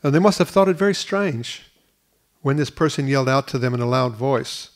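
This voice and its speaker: Male pastor, middle pitch, earnest sermon delivery with frequent restarts. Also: lively intonation, brisk. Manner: earnest, repeats words at restarts. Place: school hall used for church.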